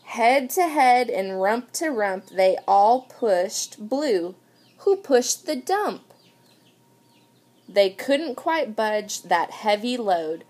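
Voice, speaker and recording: A preschool teacher, a woman, reading a picture book aloud to young children in an animated way and asking them questions. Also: fairly high pitch, drawn-out words.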